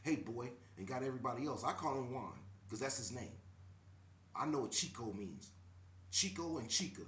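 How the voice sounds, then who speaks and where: A man's voice: medium pitch, normal speed, echoey room, slight background noise. A man who works as a shift manager, telling an indignant story in casual speech and acting out the dialogue. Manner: animated, indignant, acts out quoted dialogue. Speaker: pizza shop shift manager.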